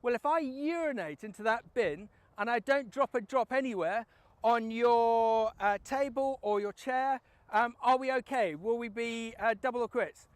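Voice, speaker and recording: A man's voice: very high voice, moderate pace, clean tone, no echo. A man voicing a sly older gambler who talks in a polite, coaxing way. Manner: polite, coaxing, repeats "Mister Taxman". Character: sly older male gambler, calm and wheedling.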